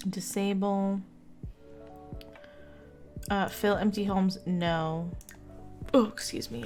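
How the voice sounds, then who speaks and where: Slow-talking woman with hiccups. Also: mid-range voice, fairly even intonation, darkish tone, soft background music. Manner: giggly, keeps apologizing for hiccups. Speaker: streamer. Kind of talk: casual gameplay commentary.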